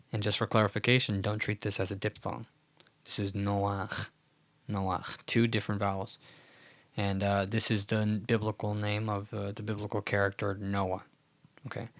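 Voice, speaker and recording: A man teaching a recorded lesson, patiently explaining rules and slowly repeating words to model their pronunciation. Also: lowish voice, highs cut off. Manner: uses frequent fillers and restarts. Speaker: language teacher.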